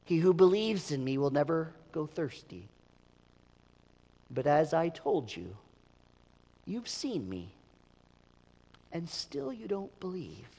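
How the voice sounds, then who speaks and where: A man preaches to his congregation with an emphatic, explanatory delivery. His voice sits a little high for a man and often repeats a word as he restarts a phrase. The sound carries a long, lingering reverb from a large church hall. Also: sing-song, takes it slowly, pauses often, warm tone. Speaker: pastor. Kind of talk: sermon.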